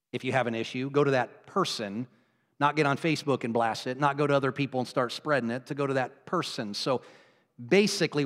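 Pastor preaching in a reverberant church. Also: male voice. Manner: swings from loud exclamations to low, quiet asides; laughs between points, conversational. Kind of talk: sermon. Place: church sanctuary. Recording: long hall reverb.

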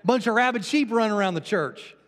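A male pastor preaching a sermon, telling a personal story and swinging from hushed to fervent. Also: high voice, expressive, fairly quick, long reverb tail. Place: church.

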